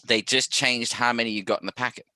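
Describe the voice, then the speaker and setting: An English man hosting a casual video-call chat, swearing freely and talking in animated bursts. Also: mid-range voice, fast talker, no room sound. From England. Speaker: podcast host.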